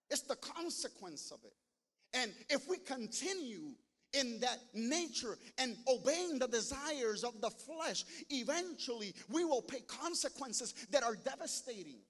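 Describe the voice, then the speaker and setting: A man preaching a sermon as pastor, talking straight to his congregation and building to loud, emphatic passages. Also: extremely high pitch. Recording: long hall reverb.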